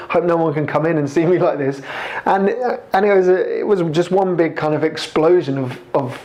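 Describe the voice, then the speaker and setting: Reflective man, slightly high voice. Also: darkish tone. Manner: halting, reflective, many restarts. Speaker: convert sharing his story. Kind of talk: personal testimony to camera. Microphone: camera.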